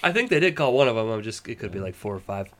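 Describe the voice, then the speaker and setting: A man's voice: lowish voice, sing-song, very fast, a bit bright. A young man hosting a casual chat, laid-back and joking, with casual swearing. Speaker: podcast host.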